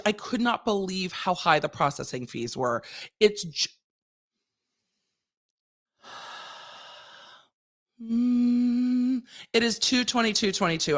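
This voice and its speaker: A woman, a lawyer hosting her channel, ranting casually and animatedly with lots of rhetorical questions. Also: medium pitch.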